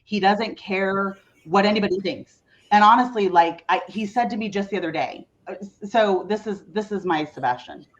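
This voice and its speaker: Chatty mom telling a story, lo-fi audio. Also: female voice, medium pitch, moderate pace. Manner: animated storyteller, many "like" fillers. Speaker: podcast guest; mother of a teenage son. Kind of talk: casual chat.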